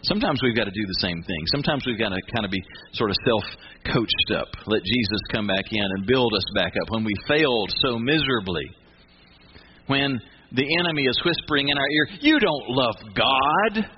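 A male pastor preaches a relaxed, conversational sermon and keeps putting questions to his listeners. His voice comes through a dull, muffled radio broadcast with a steady hiss underneath. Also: lowish voice, a little fast.

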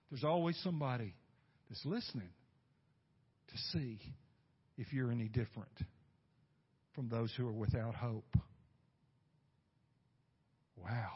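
A male pastor preaching a sermon, swinging from loud bursts to hushed asides and asking the congregation rhetorical questions. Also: medium pitch, husky. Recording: dull lo-fi recording.

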